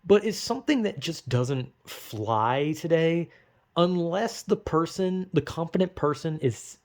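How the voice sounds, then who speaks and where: A man's voice: fairly high pitch, lively intonation, a little slow, a little mellow. A young man talking casually, rambling and swearing, acting out quotes in goofy voices. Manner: rambling, profane, acts out quotes in silly voices. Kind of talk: casual monologue.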